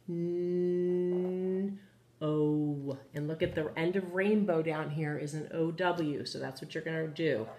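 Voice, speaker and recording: A woman with a low, somewhat dark voice leads a children's phonics lesson, patiently encouraging the class and asking questions while writing on the board. The room is echoey.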